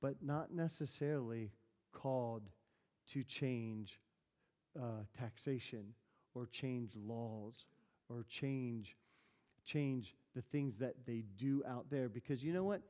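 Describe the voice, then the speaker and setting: A man's voice: medium pitch, slow pace, dark tone. A man preaching a conversational sermon, telling stories and asking the congregation questions. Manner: chatty, storytelling, asks the room questions. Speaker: pastor. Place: church hall. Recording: reverberant church hall.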